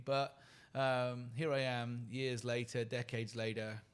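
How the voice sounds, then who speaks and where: A man with a British accent speaks as a podcast guest, earnest and reflective. He lists his thoughts one by one, pausing between them. His pitch sits in the middle for a man. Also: flat delivery, clean tone. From United Kingdom. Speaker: guest, company leader and keynote speaker. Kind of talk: reflective conversational storytelling.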